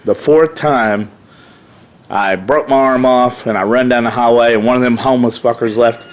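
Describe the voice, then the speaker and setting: A man's voice: medium pitch, steady tone, normal speed. Rowdy, profane man telling stories. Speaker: podcast guest, wrestler. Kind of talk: casual storytelling.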